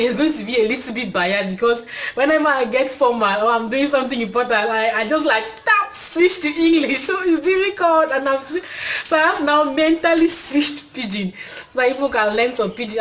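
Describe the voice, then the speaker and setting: A young woman with a Cameroonian accent talks straight to camera in a loose, upbeat vlog. Her voice sits a little high, and she rambles along with plenty of fillers. A faint background hum runs underneath. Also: a little fast, rough recording. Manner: chatty, upbeat, many fillers. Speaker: channel host. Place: indoors, talking to camera.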